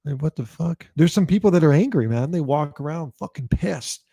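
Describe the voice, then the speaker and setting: A man's voice: fairly high pitch, expressive, fairly quick, gravelly, hardly any pauses, dark tone, slightly rough, no echo, studio quality. A man hosting his own show, talking casually and loosely to the audience, with plenty of swearing and repeated phrases. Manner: loose, profane, repeats himself. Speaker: host. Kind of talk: casual talk to camera.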